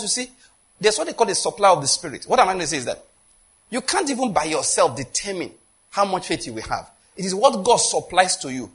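A man's voice: high-pitched, fairly bright tone, breathy edge. A man with a Nigerian accent preaching a sermon in a conversational, storytelling way. He acts out quoted dialogue and often checks whether listeners follow. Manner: often asks if listeners get the point.

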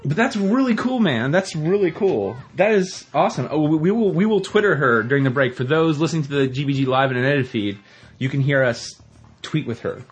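A man co-hosting a podcast in casual chat, excitable and prone to stammering restarts. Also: fairly high pitch, brisk, breathy edge. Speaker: podcast co-host.

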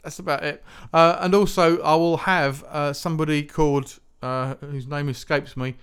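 A man's voice: a little high, fairly even intonation, moderate pace, a bit bright, smooth. A man hosting a music podcast, talking in a rambling, chatty, self-mocking way with lots of restarts. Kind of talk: casual solo podcast chat.

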